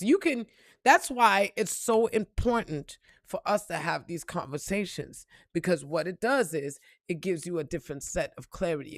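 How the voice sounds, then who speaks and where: Blunt, profane motivational woman, dry sound. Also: dry recording. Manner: blunt, profane, emphatic with repeated phrases; swings between loud outbursts and low reflective tones. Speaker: spiritual reader and motivational vlogger. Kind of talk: motivational monologue.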